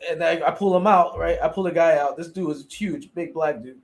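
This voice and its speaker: Male podcast co-host, slightly high voice, playful anecdote teller who does voices. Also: fairly quick. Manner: laughing, mimics voices in anecdotes. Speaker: podcast co-host, former corrections officer. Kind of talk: casual storytelling chat.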